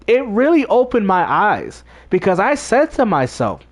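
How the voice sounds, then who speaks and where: High-voiced guy on a game stream, preaching hard to chat, pitch jumping all over. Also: wildly swooping pitch, unhurried. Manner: preachy and emphatic, talks to chat. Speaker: gaming streamer. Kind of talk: casual livestream talk.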